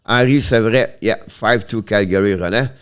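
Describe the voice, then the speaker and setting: A man hosting an informal hockey live stream has a lowish voice, a clean tone, and a Quebec French accent. He responds to viewers haltingly, keeps restarting what he says, and alternates between English and French.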